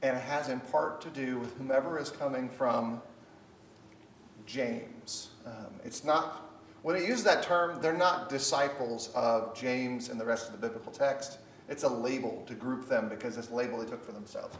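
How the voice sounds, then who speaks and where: A man's voice: mid-range voice, normal speed. Man teaching a Bible study in an echoey room. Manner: earnest, animated, acts out quoted voices. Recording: echoey room, distant mic, faint noise.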